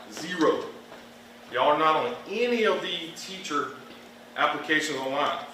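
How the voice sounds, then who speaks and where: A man from the American South with a Southern accent, speaking bluntly at a public meeting. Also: on the high side. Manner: blunt, emphatic, animated. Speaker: public commenter. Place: large meeting room. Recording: echoey hall, far from the mic, some noise.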